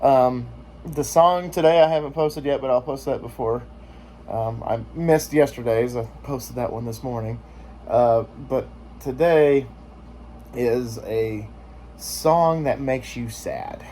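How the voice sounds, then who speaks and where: A man's voice: mid-range voice, slow, dark tone, slight background noise. A man vlogging in casual chat, joking and rambling with lots of filler words.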